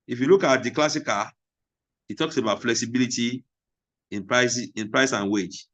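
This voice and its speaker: A man teaches a class and pauses on key terms. He repeats them slowly several times so students can take notes. His voice sits at an ordinary middle pitch, and he often poses a question before answering it himself. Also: fairly bright tone. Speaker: lecturer. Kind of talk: classroom lecture.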